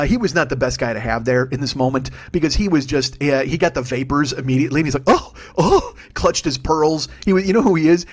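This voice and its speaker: A man in his forties, a comedian hosting a podcast, ranting angrily and profanely while riffing. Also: a little high. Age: 40s. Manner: angry, sweary, riffing.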